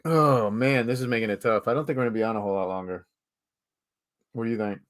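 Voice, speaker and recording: Live-show host, male, mid-pitched, chatty and easygoing, laughs often. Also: fast talker. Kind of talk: casual live-stream chat.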